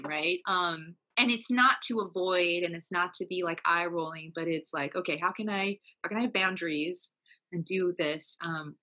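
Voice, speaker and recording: Earnest woman with a bright, low-set voice. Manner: earnest, many fillers and self-corrections. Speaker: podcast guest. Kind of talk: candid personal storytelling.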